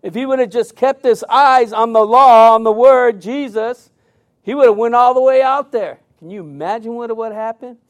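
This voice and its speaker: A man preaching a sermon, telling a personal story in a conversational, animated way. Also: extremely high pitch, moderate pace.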